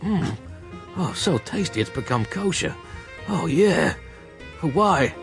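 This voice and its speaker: An exasperated private eye who shrieks every line in high, strained outrage. The voice sits far above a normal speaking register and comes through loud and tense, with a thin haze of music underneath. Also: male voice, very animated, slow, heavily acted. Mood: greedy relish. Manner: shouting, hysterical outrage. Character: exasperated hard-boiled male private eye. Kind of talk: comic story reading.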